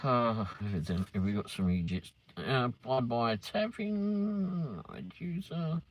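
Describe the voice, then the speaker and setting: Taking his time, this man speaks at a medium pitch with an expressive delivery. He hosts a casual live stream over noisy vehicle sounds, greeting viewers by name and swearing freely.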